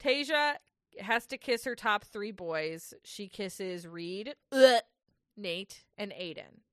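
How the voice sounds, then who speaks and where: A woman's voice: medium pitch, lively intonation, slow, fairly bright tone, no echo, studio quality. A woman co-hosting a casual recap podcast, ranting, swearing and laughing as she goes. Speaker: podcast co-host.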